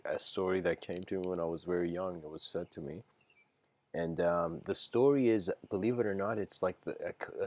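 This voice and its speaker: Low-voiced man lecturing in a meandering way. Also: darkish tone. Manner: meandering, hesitant, slangy. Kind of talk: casual livestreamed lecture.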